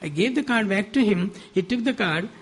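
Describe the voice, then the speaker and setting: Animated older Indian man telling stories. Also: sits high, fairly quick, breathy edge. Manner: animated storyteller, laughs often, acts out quoted dialogue. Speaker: guest speaker. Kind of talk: spiritual talk with storytelling. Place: devotional center hall.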